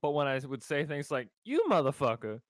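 A young man co-hosting a podcast, talking in a low-key, teasing, casual way. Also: level tone, fast talker, clean tone, no echo, studio quality. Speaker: podcast co-host. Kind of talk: casual chat.

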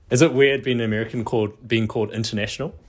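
A man's voice: mid-range voice, fairly even intonation, fast talker. A man hosting a podcast, introducing and chatting with his guest in a hesitant way with many fillers. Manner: hesitant, lots of uh fillers, amused. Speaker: podcast host. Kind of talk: casual podcast chat.

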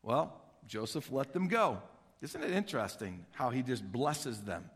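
A man preaching a sermon, telling a Bible story with acted-out voices, swinging between hushed and loud. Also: medium pitch, sing-song, measured pace, breathy edge, in a large hall. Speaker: pastor.

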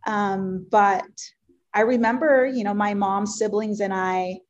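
A woman in her forties whose first language is Spanish, telling her life story as an interview guest in an earnest, heartfelt way, with many ums and pauses. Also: mid-range voice, fairly even intonation, lo-fi sound. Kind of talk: personal life story in conversation.

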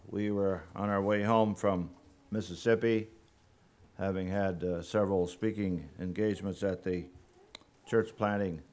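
A man giving a sermon as a guest preacher, unhurried and halting, with frequent pauses and fillers. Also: sits low.

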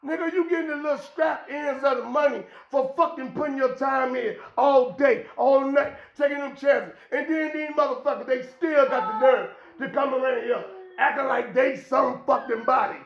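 High-pitched gravelly man ranting. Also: normal speed, lo-fi sound. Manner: blunt, profane, lecturing. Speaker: podcast host. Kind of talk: unscripted street-talk rant. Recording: echoey room.

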